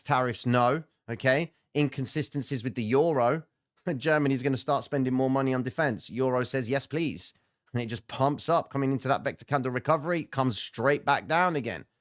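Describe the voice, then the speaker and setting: A man's voice: mid-range voice, fairly bright tone. A man hosting a live trading stream, giving blunt, slangy market commentary and answering chat comments.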